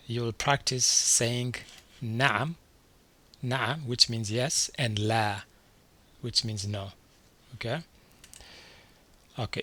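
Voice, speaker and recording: A man teaching a beginner vocabulary lesson from slides, saying each word twice and slowly before asking what it means. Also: mid-range voice, pushed and bright. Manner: repeats each word slowly, then quizzes the listener. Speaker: language teacher.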